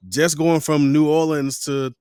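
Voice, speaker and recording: A man from Florida who hosts a podcast, talking in a relaxed, measured way and building up his questions with scenarios. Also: a little high, clear, resonant tone, no room sound, clean studio sound. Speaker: podcast host. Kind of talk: casual podcast conversation.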